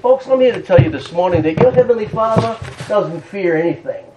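Male pastor, sermon; emphatic, shouts often, very high voice. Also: animated, fairly quick, background noise. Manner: fervent, emphatic, breaks into shouts and laughter.

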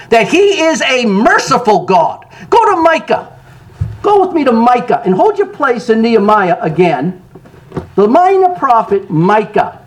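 A man preaches a sermon in a high voice that keeps leaping up and down. He lurches from loud cries to hushed asides and laughs between his lines. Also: low-quality recording. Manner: animated preaching, sudden loud rises and soft drops. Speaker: pastor.

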